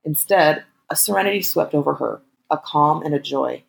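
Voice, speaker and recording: A woman reading an erotic story aloud in a calm, steady narration. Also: sits low, normal speed, vocal fry, poor audio.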